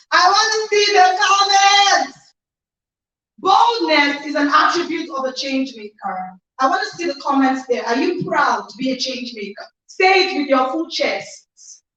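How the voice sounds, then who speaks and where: A Nigerian woman hosts a motivational online conference with a high, bright voice, exuberant and emphatic as she repeats her phrases. Her sound is echoey and set back from the mic. The audio is dull and lo-fi. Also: lively intonation, moderate pace. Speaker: host of an online conference livestream. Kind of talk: energetic motivational hosting. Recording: echoey distant lo-fi livestream audio.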